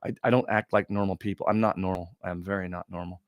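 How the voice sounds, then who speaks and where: A man hosting a live question-and-answer stream, talking in a rambling, excitable way with many restarts. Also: sits low, fast talker, no echo, studio quality. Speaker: talk show host.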